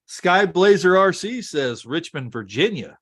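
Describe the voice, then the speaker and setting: A man's voice: sits high, big pitch swings, a little slow, a bit bright, no echo, studio quality. An American man co-hosting a racing podcast, reading viewer comments aloud and laughing easily. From United States. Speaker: podcast co-host reading chat. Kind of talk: casual chat.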